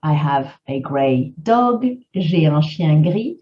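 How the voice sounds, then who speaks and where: A woman teaching a grammar lesson, explaining clearly and mixing in French example phrases. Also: low voice, expressive, takes it slowly, lo-fi sound.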